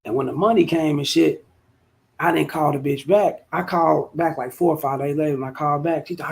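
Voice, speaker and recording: Gravelly and fairly high-pitched, the forties vlogger speaks a little fast as he rambles through a profane, slang-heavy tale to the camera in a casual monologue.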